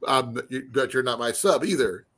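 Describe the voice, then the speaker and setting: A man's voice: medium pitch, normal speed, a bit bright. A man hosting a casual livestream chat, joking around and sometimes hunting for the right word. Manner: joking, searching for words. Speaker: livestream host.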